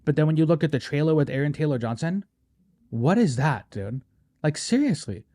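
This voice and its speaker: A man's voice: fairly high pitch, expressive, a little fast, mellow, no echo, clean studio sound. A man hosting a podcast, chatting casually and animatedly, peppering his talk with "bro" and "right?". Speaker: podcast host. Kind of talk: casual chat.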